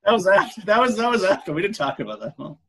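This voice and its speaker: A man co-hosting a casual podcast, mostly giving short, dry replies and agreeing with the other host. His voice sits a little higher than most men's. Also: very animated, quick pace, a bit bright, slightly rough. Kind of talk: casual chat.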